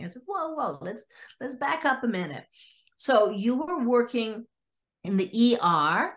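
A woman's voice: a little high, measured pace. Woman psychologist telling client stories. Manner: acts out clients' lines in lively quoted voices. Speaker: guest psychologist. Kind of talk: storytelling in a podcast interview.

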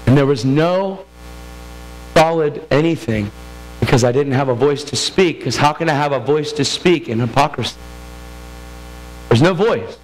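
A man's voice: mid-range voice, lively intonation, normal speed, pauses often, soft background music, rough recording. A man giving a sermon testimony, telling his story in a casual, streetwise way and acting out the voices of people in it.

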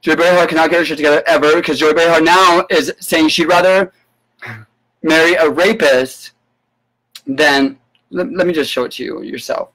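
A man giving an indignant live-stream rant, sarcastic and full of profanity, breaking into sudden high yelps. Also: a bit bright, poor audio. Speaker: political commentator. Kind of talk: ranting live-stream commentary.

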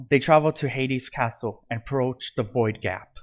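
A man's voice: medium pitch, normal speed, few pauses. A man reading a fan-written adventure story aloud in an amateur way, stumbling and correcting himself. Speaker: narrator.

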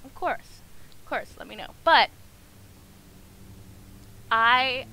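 A woman streaming a video game, chatting and joking excitedly with her viewers. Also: on the high side, slight background noise, rough recording. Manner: excitable, jokey, chatty with chat. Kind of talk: casual gameplay commentary.

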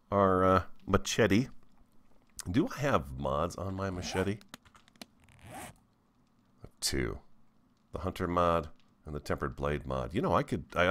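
A man's voice: sits low, fairly bright tone. A man hosting a gaming video, chatting to his viewers as he plays. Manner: chatty, talks to viewers while playing. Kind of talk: let's play commentary.

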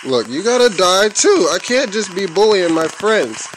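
A man's voice: high voice, sing-song, normal speed, hardly any pauses, slight background noise, low-quality recording. A young man recording his own gameplay at home on a headset mic, trash-talking, cussing and yelping as he plays. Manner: playful trash talk, cussing, sudden yelps. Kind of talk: casual gameplay commentary.

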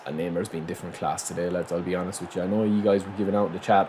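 A man giving excitable live commentary on his own football video game, reacting aloud and calling his viewers lads. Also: deep voice, rapid-fire. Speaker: gaming channel host. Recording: noisy game sound mix.

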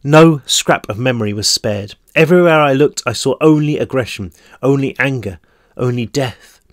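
A man's voice: mid-range voice, normal speed, dry recording, clean studio sound. A tired man, the author, reading his own novel aloud in first-person narration.

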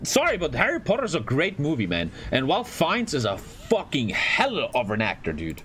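Reaction host: excitable man, slightly high voice, very lively, profane. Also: moderate pace, slight background noise. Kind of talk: casual reaction commentary.

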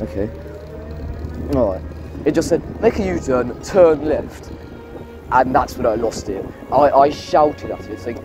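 A man's voice: medium pitch, sing-song, unhurried, long pauses, over music. Exasperated man ranting while cycling. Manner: exasperated, ranting at sat-nav, swearing. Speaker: vlogger. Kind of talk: casual running commentary while cycling. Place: outdoors on an electric bike along paths and roads. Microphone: bike-mounted camera.

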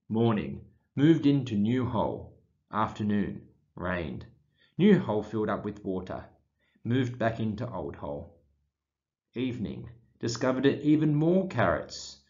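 A man reading a children's picture book aloud in short, deadpan diary fragments with pauses. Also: lowish voice, muffled recording. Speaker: storybook reader.

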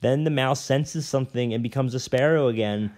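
A man reading a novel aloud in a plain, mid-pitched voice. He reads at an unhurried pace and now and then trips over a word and corrects himself. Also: darkish tone. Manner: unhurried reading with occasional stumbles and self-corrections. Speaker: reader.

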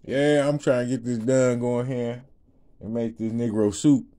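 A man speaks casually to a crowd of listeners, telling a personal testimony. His voice is mellow and relaxed, and he breaks into laughter often. He rambles in slang and keeps asking "you know what I'm saying". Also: mid-range voice, measured pace. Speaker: ministry speaker.

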